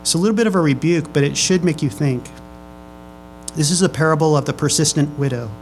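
Man, pastor, sermon, reads scripture slowly, repeats phrases, slightly high voice. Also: slight background noise, poor audio. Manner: reads scripture slowly, then presses questions on the congregation; repeats himself and restarts phrases.

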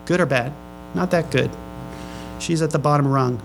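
A pastor preaching a sermon to his congregation. He reads scripture slowly, then presses the room with questions, often repeating and restarting his phrases. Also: fairly high pitch, a little hiss or hum, poor audio.

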